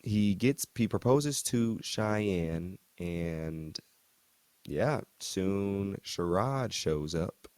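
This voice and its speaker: A man's voice: low voice, animated, drawn-out words, a little mellow, clean tone, no echo. A man hosting a TV recap channel, chatting casually through the episode with slangy, joking asides. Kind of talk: casual recap and reaction commentary.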